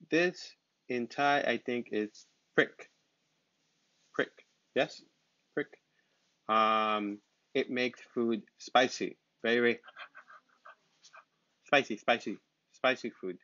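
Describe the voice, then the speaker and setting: A man teaching basic English vocabulary, speaking slowly with simple words and repeating each word patiently. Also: medium pitch, sharp tone, dry recording. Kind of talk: slow, simple vocabulary lesson. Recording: dull, lo-fi sound.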